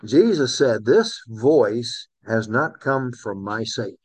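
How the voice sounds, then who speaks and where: A man's voice: medium pitch, lively intonation, slow, husky, no echo, rough recording. A man preaching a sermon in a conversational way, calling on listeners by name. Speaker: pastor.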